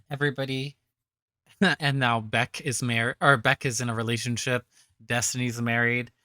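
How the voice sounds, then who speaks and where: Sarcastic, foul-mouthed reaction commentator, bright edgy tone, dry close mic. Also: medium pitch, flat delivery, a little slow, dry recording. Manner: profane, sarcastic, scornful.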